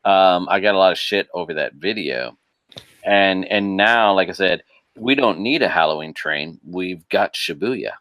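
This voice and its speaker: Man, very low voice, dry close sound, animated casual podcast chat, laughs a lot. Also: unhurried, dry recording. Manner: animated, laughs often, frequent restarts. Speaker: podcast guest.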